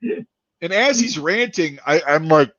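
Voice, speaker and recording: Animated swearing man telling a story. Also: on the high side, slow pace. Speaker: podcast host. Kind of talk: casual storytelling chat. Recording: dull dry lo-fi sound.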